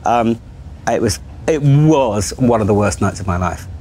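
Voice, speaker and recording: A well-spoken middle-aged man opens up in a candid, self-deprecating way. His voice sits low. Faint noise runs under the recording. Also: expressive, measured pace, a little mellow. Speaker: TV channel executive in a therapy session. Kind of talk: candid conversation.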